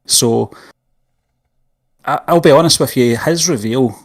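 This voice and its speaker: A man's voice: medium pitch, measured pace. A male co-host chatting casually about a TV episode, blunt and jokey, with a mid-range voice. He swears freely and often hesitates with ums between thoughts. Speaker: podcast co-host. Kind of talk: casual film review chat.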